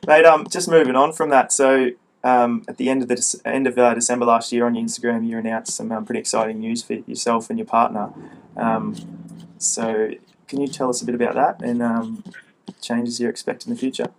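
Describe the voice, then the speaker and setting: A man's voice: mid-range voice, flat delivery, a little fast, a little hiss or hum. A man hosting a casual interview, friendly and matey, with plenty of fillers. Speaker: host.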